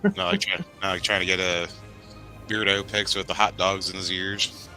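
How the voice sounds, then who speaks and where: A man with a very bright, sharp tone and hugely lively pitch chats as a guest on a live stream. He sits a little low in pitch but swoops all over, giggling often and scatting little tunes. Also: normal speed, soft background music. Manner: giggly, hums and scats tunes. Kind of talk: casual live-stream chat.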